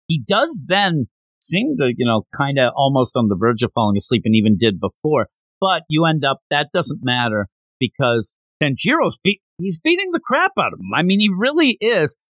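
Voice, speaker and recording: A man hosting a podcast, talking through a comic in a lively, rambling way full of fillers. His voice sits somewhat high and swings widely in pitch, recorded close and dry. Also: no echo. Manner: animated, rambling retelling with lots of fillers. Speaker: podcast host. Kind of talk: casual chat recapping a comic.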